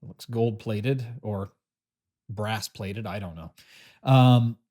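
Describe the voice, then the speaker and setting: A man hosting a casual pen review, talking in a relaxed, chatty way with frequent pauses and fillers while he shows the box and pen. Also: fairly low pitch. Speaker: pen reviewer, channel host.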